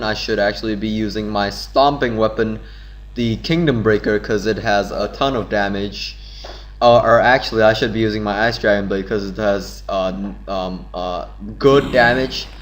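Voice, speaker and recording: A man's voice: fairly low pitch, a little hiss or hum. A man giving casual, rambling commentary on a game he plays and reading its dialogue aloud playfully. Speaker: let's play host.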